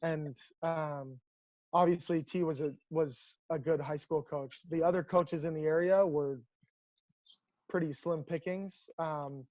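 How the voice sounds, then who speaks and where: A man, a professional baseball coach, telling stories in a casual, animated way over a video call. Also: a little high, a little slow, no room sound, highs cut off. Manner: animated, lots of restarts and laughs. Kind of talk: casual storytelling.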